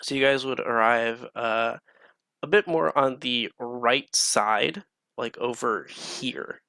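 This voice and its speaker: Male game master, gravelly and bright, casual rambling narration. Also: medium pitch, slow, no echo. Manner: relaxed, casual descriptions with many fillers.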